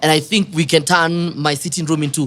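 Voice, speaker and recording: A woman's voice: deep voice, steady tone, fairly quick. A woman with a South African accent hosting a podcast interview, chatty and teasing, with frequent laughter. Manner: bubbly, laughs often, teasing. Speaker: podcast host. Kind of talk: casual interview chat.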